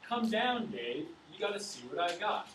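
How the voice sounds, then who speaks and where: A man voicing an excitable rural man who shows off his skinny hogs, exclaiming eagerly while reading a poem aloud in a classroom. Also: high-pitched, normal speed, voice pushed up. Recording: echoey room from far off with noise.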